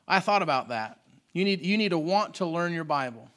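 A man's voice: fairly high pitch, animated, brisk, a bit bright. A man preaching a sermon with fervent, dynamic delivery, reading scripture and repeating phrases for emphasis. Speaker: pastor.

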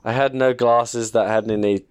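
A man's voice: medium pitch, fairly even intonation, moderate pace, smooth. A young man in his twenties, casual chat as podcast co-host, telling rambling self-deprecating stories with many restarts.

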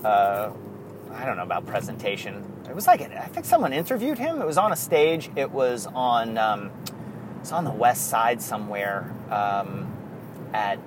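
A man's voice: on the low side, big pitch swings, moderate pace, background noise. A man hosting a podcast in casual chat, rambling and going off on tangents. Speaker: podcast host.

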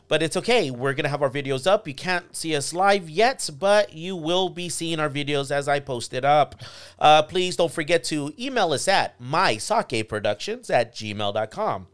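A man's voice: fairly high pitch, a bit bright, clean tone. A man hosting a casual podcast, opening the show with an upbeat, announcer-like delivery. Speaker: podcast host.

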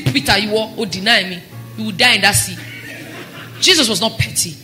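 A woman pastor preaching a sermon, impassioned and climbing to near-shouts. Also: on the high side.

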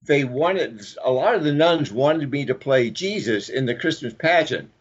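A man's voice: mid-range voice, expressive, normal speed, breathy edge, dull audio. A man co-author from the American South, telling stories in casual conversation with many fillers and restarts.

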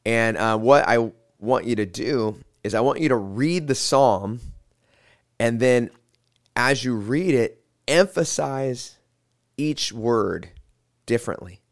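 A man teaching a guided prayer method in a relaxed, halting way, with slow, drawn-out readings. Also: mid-range voice, no echo, clean studio sound. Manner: relaxed, halting, with many fillers and restarts. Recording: spa music playing behind. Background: soft spa music.

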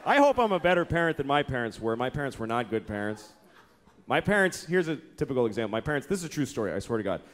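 A man in his thirties performs stand-up for a live club audience, ranting through profane stories and acting out each person involved. He's a fast, sing-song talker with a mid-range, fairly bright voice. The recording captures the crowd's laughter and some faint noise.

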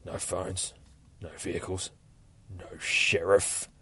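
A man voicing a sinister male prisoner who taunts his jailers in a low, whispery voice. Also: flat delivery, slow pace, a bit bright, breathy edge, no room sound, heavily acted. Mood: taunting.

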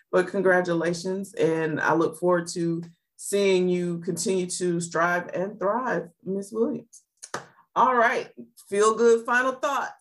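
A woman hosting a podcast, telling stories in an animated, chatty way. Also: lowish voice. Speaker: podcast host. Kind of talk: casual podcast chat.

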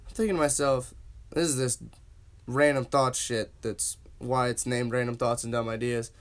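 Young male host, casual storyteller, mid-pitched, slangy and relaxed, chuckles through anecdotes. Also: brisk. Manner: laid-back, slangy, laughs while telling. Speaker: podcast host.

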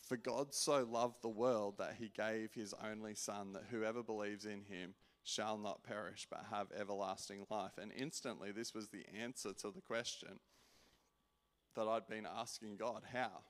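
Casting: fairly low-voiced man giving an earnest sermon testimony, stumbling over restarts, swinging from loud to near-whisper. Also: fairly even intonation, moderate pace. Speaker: preacher sharing testimony.

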